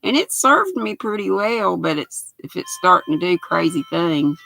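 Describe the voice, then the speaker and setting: An older woman in her sixties with a raspy voice and a Southern US accent, chatting casually on a knitting livestream and reading viewer comments aloud in a folksy way. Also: on the low side, big pitch swings, moderate pace, pushed and bright, soft background music. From United States. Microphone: built-in laptop mic.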